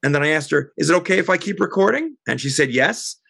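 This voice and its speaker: A middle-aged woman as an interview guest, telling a heated story in an animated, indignant way. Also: low voice, fast, gravelly, husky, no echo. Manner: animated, indignant, quotes others.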